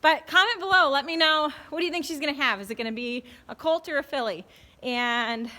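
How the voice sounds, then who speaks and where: A woman vlogging about her horse in a casual, excited way, with plenty of fillers, speaking at a barn while grooming her mare. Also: high voice, a little fast. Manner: excited and chatty, many fillers. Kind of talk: casual vlog chat. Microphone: handheld camera.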